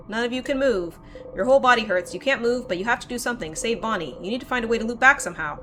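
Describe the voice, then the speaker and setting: A woman streaming a game, reading its narration aloud in an expressive, dramatic way and reacting. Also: on the high side, racing, soft background music. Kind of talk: let's play narration and commentary.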